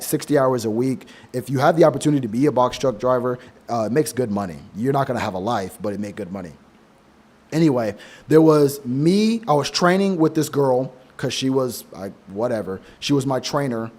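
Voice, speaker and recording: A man's voice: medium pitch, a little mellow. A young adult man in a casual monologue of advice, blunt and profane, rambling through anecdotes with many restarts. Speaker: men's advice vlogger.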